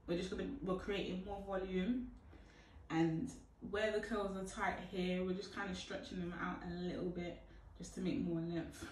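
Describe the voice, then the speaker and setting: A woman's voice: fairly low pitch, fairly even intonation, normal speed, a little hiss or hum. Chatty woman, roomy distant sound. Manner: chatty, playful, bursts of loud whoops. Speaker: hair tutorial vlogger. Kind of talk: casual how-to chat to camera. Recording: echoey room from a distant mic.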